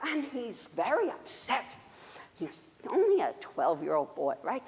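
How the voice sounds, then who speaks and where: A woman telling a story in a church service, animated and hesitant with fillers, in a church sanctuary. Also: fairly high pitch, unhurried, breathy edge, big-room sound. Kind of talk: sermon storytelling.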